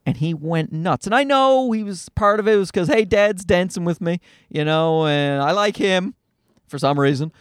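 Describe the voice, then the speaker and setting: A man's voice: fairly high pitch, normal speed, clear, resonant tone, no echo, studio quality. A man hosting a podcast alone from a parked car, telling rambling, profane, self-mocking stories about being a father. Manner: profane, animated and self-deprecating. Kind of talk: casual rambling storytelling monologue. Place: parked car in a parking lot.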